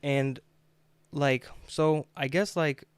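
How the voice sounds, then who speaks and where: A man's voice: on the high side, fairly even intonation, slow pace, smooth, no room sound. A man hosting a podcast, asking questions in a casual, hesitant way with many fillers. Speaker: podcast host. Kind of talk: casual interview.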